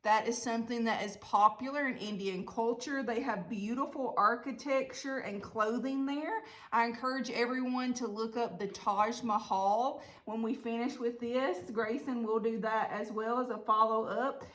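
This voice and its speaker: A woman's voice: a little high, moderate pace, few pauses, a bit bright. A woman with a Southern US accent teaching an online art lesson, giving friendly step-by-step directions. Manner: friendly, chatty, step-by-step instructions.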